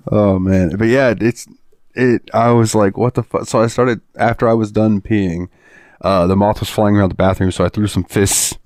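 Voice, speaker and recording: Male podcast host, low voice, dry close sound, swears and laughs through his stories. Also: steady tone, normal speed, darkish tone, no echo. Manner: profane, laughing storyteller. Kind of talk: casual chat.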